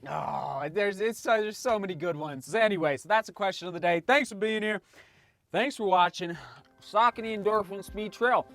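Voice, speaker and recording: A man's voice: high-pitched, moderate pace, fairly bright tone, no room sound. Chatty enthusiastic man vlogging. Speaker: running vlogger reviewing shoes. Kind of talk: casual vlog talk to camera. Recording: faint music behind.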